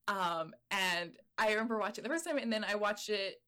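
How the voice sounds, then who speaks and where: A woman's voice: mid-range voice, expressive, a little fast, fairly bright tone. A woman in her late twenties, co-hosting a podcast in casual, enthusiastic chat with many fillers. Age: late 20s. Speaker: podcast co-host.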